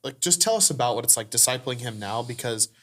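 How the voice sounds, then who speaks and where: A man's voice: medium pitch, expressive, quick pace, a bit bright. Chatty male church podcast host. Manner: chatty, full of "like" fillers. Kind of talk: casual faith conversation.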